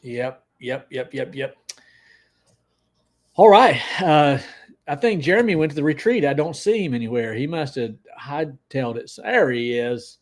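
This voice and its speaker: Male livestream host, slightly high voice, casual, excitable, greets chat by name. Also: moderate pace.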